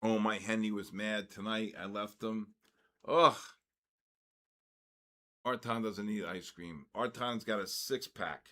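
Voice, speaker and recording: An older man hosting a livestream, chatting casually with viewers and reacting with animated, jokingly outraged exclamations. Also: fairly low pitch, takes it slowly, long pauses. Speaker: livestream trading host. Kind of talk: casual chat reading viewer comments.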